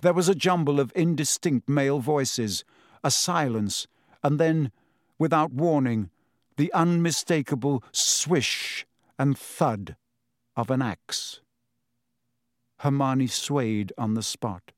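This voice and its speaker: A man reading a novel aloud at an unhurried, deliberate pace. His mid-pitched voice sits close and dry on a studio mic, steady and measured. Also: no echo. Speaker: audiobook narrator. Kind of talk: scripted narration.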